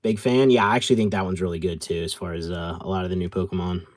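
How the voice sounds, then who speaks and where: A man with a deep, low voice talks through a casual live stream in a loose, rambling way. He answers viewers' questions as they come and often stops to correct himself or trail off mid-thought. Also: steady tone, racing, slight background noise. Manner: rambling, answers chat as he sorts. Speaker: card collector streamer.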